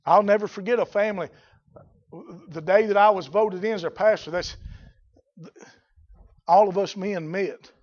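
Man, pastor, fiery sermon, high voice, muffled lo-fi sound. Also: normal speed, pauses often. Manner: fiery preaching with shouted peaks. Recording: dull lo-fi recording.

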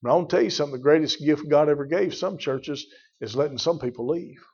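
A man's voice: fairly high pitch, fast, a little mellow, breathy edge. Emphatic preacher man, muffled recording. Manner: emphatic, repeats phrases, addresses congregation by name. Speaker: pastor. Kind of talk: sermon.

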